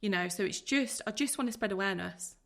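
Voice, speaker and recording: Guest, woman, 30s, gravelly fry, earnest and heartfelt. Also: mid-range voice, a bit bright. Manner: earnest, heartfelt, speaks in rushes of feeling. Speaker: podcast guest. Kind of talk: emotional personal interview.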